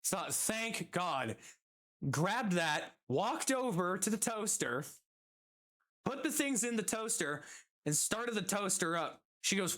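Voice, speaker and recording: A streamer telling a work story casually, quick and animated, acting out the quotes. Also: mid-range voice.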